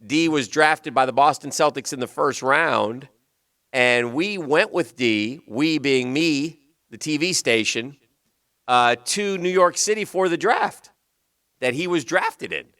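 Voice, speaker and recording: A male sports radio host with a slight Southern US accent, rambling in loose banter and sinking into a low mutter. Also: lively intonation, unhurried, fairly bright tone, no echo, studio quality. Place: radio studio. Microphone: studio microphone.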